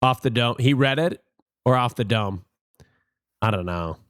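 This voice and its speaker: A man streaming and reacting to clips, chatty and thinking out loud. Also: medium pitch, unhurried, clean tone, no echo, clean studio sound. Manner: chatty, animated, wondering aloud. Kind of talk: casual live-stream commentary.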